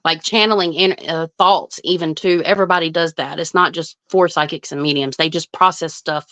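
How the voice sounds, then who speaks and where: Low-voiced woman telling a story. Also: fairly even intonation, fairly quick, fairly bright tone, no echo. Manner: earnest, emphatic retelling with frequent restarts. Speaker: psychic medium guest. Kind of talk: casual storytelling chat.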